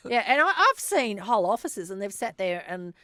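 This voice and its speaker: A woman's voice: medium pitch, sing-song, moderate pace, pushed and bright, no echo, clean studio sound. A middle-aged woman, a guest telling frank, earthy stories in a casual interview and acting out the people she quotes. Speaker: guest, former police officer.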